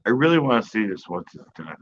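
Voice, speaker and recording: A man in casual chat who tells stories in an animated way, laughs a lot and swears freely. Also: on the low side, fast talker, highs cut off. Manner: chatty, laughs often, animated storyteller, swears. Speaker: channel host.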